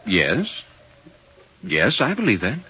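A calm gentleman narrator. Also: lowish voice, slow pace, heavily acted. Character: curious gentleman visitor narrating his tale. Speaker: narrator and visitor in a radio play. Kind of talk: vintage radio drama narration. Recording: muffled old radio recording with faint hiss.

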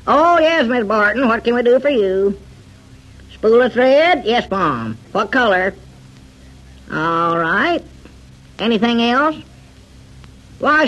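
A chatty, fussy country storekeeper in a 1940s radio comedy, with a high, lively, twangy voice that leaps around in pitch. He talks through a lo-fi old radio recording. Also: heavily acted.

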